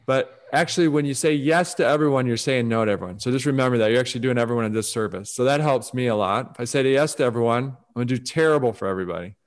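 A man giving conversational advice on focus as a guest, animated and acting out quoted voices as he talks. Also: mid-range voice, very fast, few pauses. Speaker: guest speaker on focus and success.

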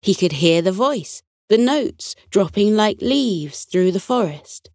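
A woman narrates a children's bedtime story at a slow, unhurried pace, her pitch gently rising and falling with the tale. The recording is close and dry, with no room sound. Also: dry recording. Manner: soothing, unhurried and expressive.

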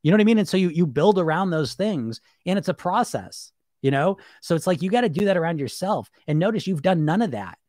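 A male coach with a slightly raised voice talks in a lively, conversational way, often slipping into the voices people hear in their heads. The sound is dry and close, with no room around it. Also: sits high, brisk, no echo. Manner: animated, conversational, acts out inner voices. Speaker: weight-loss coach. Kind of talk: casual coaching talk.

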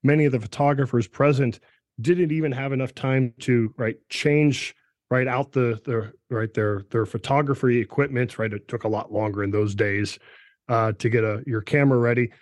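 Professor explaining, many "right"s. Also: male voice, mid-range voice, fairly even intonation, normal speed, darkish tone, dry recording, studio quality. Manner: peppers speech with "right" and restarts. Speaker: political science professor, guest. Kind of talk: explanatory discussion.

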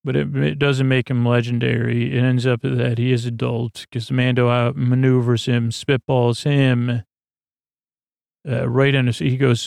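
A man rambling through a deadpan comedic recap of a TV episode, halting often with fillers and restarts. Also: mid-range voice, vocal fry, no room sound, studio quality. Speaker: podcast host recapping an episode.

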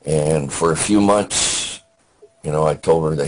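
An older man, a veteran guest, telling his war memories in a halting, plainspoken way with many restarts. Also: a bass voice, low-quality recording.

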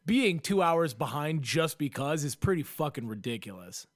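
A man's voice: a little high, very animated, normal speed, no echo, studio quality. A man co-hosting a casual podcast, rambling through stories with swearing and jokes. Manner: rambling, swearing, jokey storytelling. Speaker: podcast co-host. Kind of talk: casual chat.

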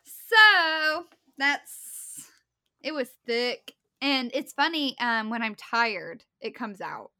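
Woman, Midwestern accent, from West Virginia, animated storyteller, fairly high, crisp bright tone, casual podcast chat on a video call. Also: extremely slow. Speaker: Bible study podcast co-host.

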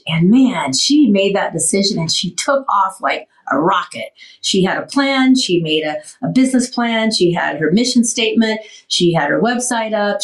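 A woman's voice: mid-range voice, reverberant, distant mic, low-quality recording. A woman in her sixties hosting a casual radio talk show, emotional and rambling, getting short of breath as she talks. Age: 60s.

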